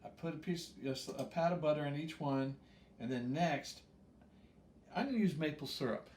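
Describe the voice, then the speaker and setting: A man's voice: on the high side, normal speed, a little mellow, slight background noise. A man hosting a home cooking show, walking through a recipe in an easygoing, rambling way with plenty of um fillers and chuckles. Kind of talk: casual cooking demonstration. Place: home kitchen. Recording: roomy kitchen, mic at a distance.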